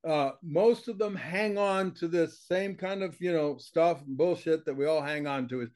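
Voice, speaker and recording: An older man speaks in a slightly raised register, teaching through casual interview talk. He is blunt and forceful in his phrasing, punctuating points with short rhetorical questions and a ready laugh. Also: a little high, fairly quick. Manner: emphatic, blunt, with frequent laughs and rhetorical check-ins. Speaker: consciousness teacher, guest.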